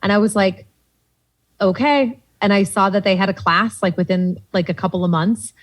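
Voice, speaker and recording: A young woman from Boston with a Boston accent, a comedian guest telling lively stories in casual podcast chat and acting out the voices she quotes. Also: mid-range voice, a little fast, rough recording.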